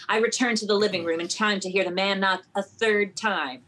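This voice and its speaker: A woman co-hosting a podcast, reading a novel aloud calmly with quiet deadpan asides. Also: medium pitch, a little fast, a little hiss or hum. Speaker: podcast co-host.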